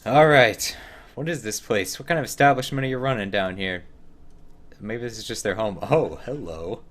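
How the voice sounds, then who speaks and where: A man's voice: mid-range voice, normal speed, fairly bright tone. A man streaming a video game, chatting casually and wryly as he plays and talks to the characters on screen. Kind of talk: casual gameplay commentary.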